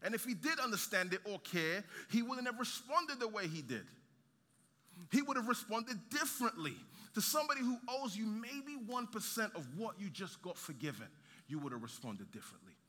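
Preacher, male, high and very bright tone, animated delivery with humor, long hall reverb. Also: normal speed. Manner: lively preaching with rhetorical questions and humor. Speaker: pastor. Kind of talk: sermon.

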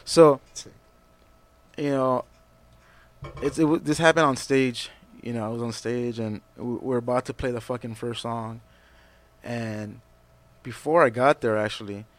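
A man's voice: medium pitch, a little slow, no echo. A man telling a stage story in casual chat, swearing a lot and acting out the people in it. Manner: profane, animated storyteller. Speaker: musician guest.

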